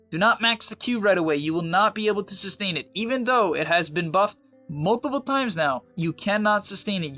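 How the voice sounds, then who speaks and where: A young man in a casual, confident gameplay guide, giving quick, emphatic advice with slang. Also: a little high, sharp tone. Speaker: game guide presenter.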